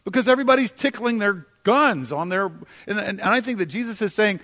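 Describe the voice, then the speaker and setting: A man's voice: sits high, expressive, fairly quick, bright, forceful tone. A man preaching a sermon as pastor, conversational with sudden emphatic lines.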